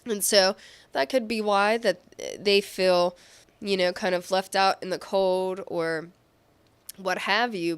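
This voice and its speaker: A woman's voice: mid-range voice, smooth. A woman giving a casual tarot reading, talking in a loose, rambling way and correcting herself as she goes. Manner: rambling, self-correcting, with fillers. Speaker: tarot reader.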